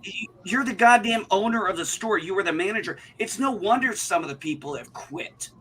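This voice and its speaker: A man rants about a bad store visit. His voice is bright and forceful, and a little higher than most men's. He is casual, indignant and profane. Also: expressive, fairly quick, slight background noise. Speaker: livestream co-host. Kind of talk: casual chat, telling a story.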